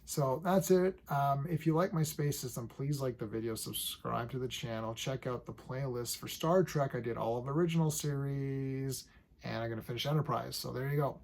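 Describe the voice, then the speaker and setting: A man in his forties giving a casual, enthusiastic review of a TV episode, full of fillers and quick acted-out bits of scenes. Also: mid-range voice, vocal fry, darkish tone. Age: 40s. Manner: chatty and enthusiastic, lots of fillers, acts out scenes.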